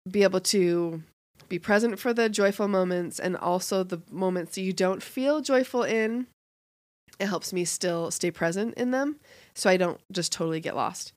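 A woman's voice: fairly low pitch, no echo, studio quality. A woman co-hosting a parenting podcast, speaking in an earnest, reflective way. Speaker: podcast co-host. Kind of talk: casual chat.

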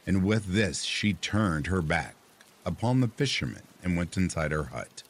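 A man narrating a folk tale in a measured, expressive reading. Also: low voice, slight background noise. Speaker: storyteller. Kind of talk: scripted storybook narration.

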